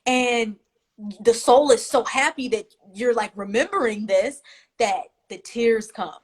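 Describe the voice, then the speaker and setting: A woman's voice: fairly high pitch, a little slow, husky. Guest, woman, spiritual healer, heartfelt and emotional delivery, video call. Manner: emotional and warm-hearted, speaks in spiritual terms. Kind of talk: casual interview talk.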